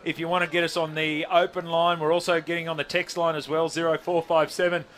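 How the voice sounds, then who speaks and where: Upbeat Australian sports radio host. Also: male voice, on the high side, little pitch movement, fast, fairly bright tone, a little hiss or hum. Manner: upbeat, steering the talk, reading out numbers. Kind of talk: live sports radio hosting.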